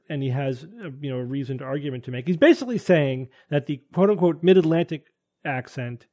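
A man's voice: mid-range voice, warm tone. A man hosting a casual panel talk show, thinking aloud and hedging with frequent restarts. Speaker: podcast host.

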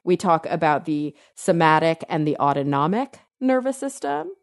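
A woman co-hosting a podcast, explaining science in a chatty way, thinking aloud with fillers and quick self-corrections. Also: sits low, lively intonation, no room sound, studio quality. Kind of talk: casual science chat.

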